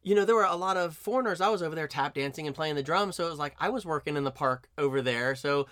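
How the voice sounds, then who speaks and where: A man in his forties hosting a chat, telling stories in an animated way. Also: fast talker, dry recording, studio quality. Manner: animated storyteller, rises in pitch when excited. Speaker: host, barbershop singer. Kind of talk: conversational interview.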